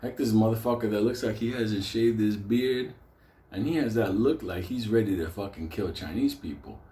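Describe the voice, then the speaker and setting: A man's voice: normal speed, dark tone, reverberant. A man telling a rambling, profane comic story about his own past, often breaking into laughter. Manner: profane, laughs often, raises his voice high for quoted lines.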